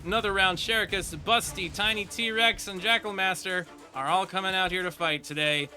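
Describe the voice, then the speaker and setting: A male game streamer talking through his run in a high, very bright voice. He is excitable and casual, sliding between chatty asides and sudden bursts of shouting. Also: moderate pace, faint music behind. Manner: excitable, breaks into laughter and shouts. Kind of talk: casual gameplay commentary.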